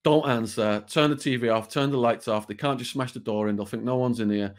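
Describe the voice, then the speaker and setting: A man's voice: mid-range voice, steady tone, a little fast, natural voice. A British man quoting a tough male gang member, giving street advice in his own everyday voice. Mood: instructive.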